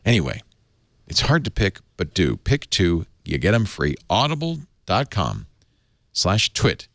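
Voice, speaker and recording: Male show host, deep and lively voice, close dry mic, loose enthusiastic ad read. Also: unhurried, creaky, no echo. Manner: enthusiastic, chatty, rambling. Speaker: podcast host. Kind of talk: live ad read on a tech talk show.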